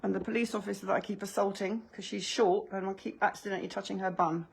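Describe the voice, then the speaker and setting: A woman's voice: medium pitch, steady tone, fast, gravelly, a little hiss or hum. A woman, arguing indignantly and sarcastically with police and bailiffs inside her own home. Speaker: homeowner confronting bailiffs and police. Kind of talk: heated argument filmed at home. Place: hallway and kitchen of a house, indoors.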